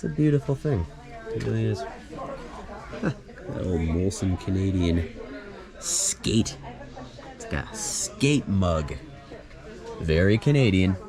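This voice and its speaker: A man's voice: sits low, lively intonation, takes it slowly, pauses often, a crowd in the background. A man vlogging as he wanders through an indoor flea market, chatting easily and musing about what he sees. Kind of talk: casual walkthrough narration. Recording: music playing behind. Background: music playing in the store.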